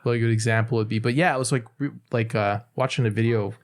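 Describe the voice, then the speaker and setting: A man's voice: medium pitch, steady tone, fast. A man co-hosting a podcast, rambling and hunting for words in casual chat. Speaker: podcast co-host.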